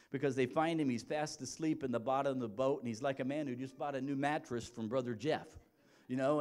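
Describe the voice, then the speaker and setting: A pastor preaches a sermon in a conversational way, often restarting his sentences. His voice sits at a middle pitch for a man, and he moves between quiet, reflective stretches and rising, emphatic passages.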